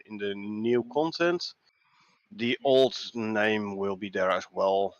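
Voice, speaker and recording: A man with a Dutch accent co-hosting a casual gaming livestream, reading patch notes aloud in a relaxed way with hesitant fillers. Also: lowish voice, slow pace, dry recording, lo-fi sound. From Netherlands. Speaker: livestream co-host.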